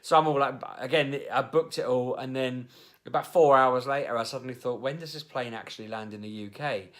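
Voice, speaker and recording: A man's voice: medium pitch, fairly even intonation, a little fast. A man telling a story to camera in a rambling, chatty way, with fillers and restarts. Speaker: vlogger, host of the show.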